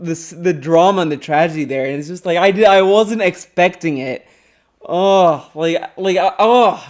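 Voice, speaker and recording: A man streaming casual commentary, rambling excitably and swearing often as he talks. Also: sits high. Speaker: streamer reacting to a clip.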